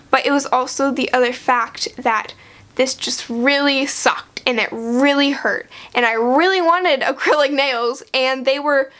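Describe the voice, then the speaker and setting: A woman's voice: high voice, fairly bright tone. A young woman vlogger chattily retelling a story, filling her sentences with "like" and laughing now and then. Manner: chatty, heavy use of "like". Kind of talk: storytime vlog.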